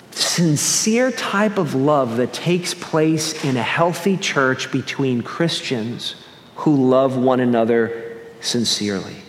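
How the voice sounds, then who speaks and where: A man's voice: medium pitch, a little hiss or hum. A man from the American Northeast preaching a sermon as pastor, earnest, often restarting his phrases. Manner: earnest, with repeated restarts and shifting pace. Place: church sanctuary. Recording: echoey hall with long reverb.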